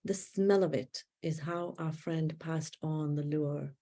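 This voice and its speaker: Woman poet, unhurried live poetry reading, warm low voice, measured pauses, video-call audio. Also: fairly even intonation. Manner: measured, deliberate phrasing with long pauses. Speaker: poet reading her work. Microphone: video call setup.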